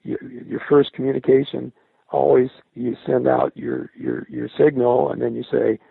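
Gravelly older man on a tinny line. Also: mid-range voice, little pitch movement, no echo. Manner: halting, repeats and restarts words often. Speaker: veteran radio intercept linguist being interviewed. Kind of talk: recollecting in an interview. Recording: dry, tinny phone-like sound.

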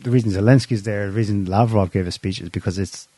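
Low, dark-voiced man chatting dryly. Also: fairly even intonation, quick pace, dry recording. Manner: wry, sarcastic, laughs at his own points. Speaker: podcast host. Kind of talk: casual political chat.

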